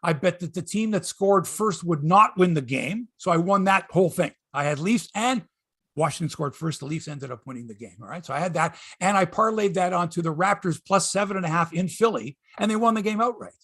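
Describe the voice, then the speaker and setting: A high-voiced middle-aged man with a husky edge hosts a casual sports podcast. He sounds excitable and rambles from topic to topic. The sound is dry and close. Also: brisk, no echo. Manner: excitable, jumps between topics, chuckles and trails off.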